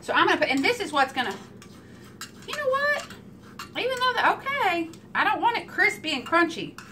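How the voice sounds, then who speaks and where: A woman talks her viewers through a recipe in her home kitchen, chatty and teasing. Her voice sits high, swinging widely, with a bright ring, and a faint hum of the room underneath. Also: very animated, fairly quick. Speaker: home cooking video host. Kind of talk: casual cooking chat.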